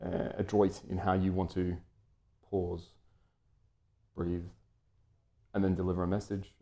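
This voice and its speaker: A man's voice: deep voice, mellow. A man from Britain talking through an unscripted, lecture-style commentary, wordy and full of fillers and restarts.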